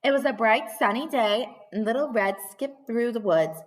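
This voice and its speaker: A woman teacher in her thirties reading a storybook aloud to young children, animated, gasping, calling them friends. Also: a little high, moderate pace, far from the mic, a little hiss or hum.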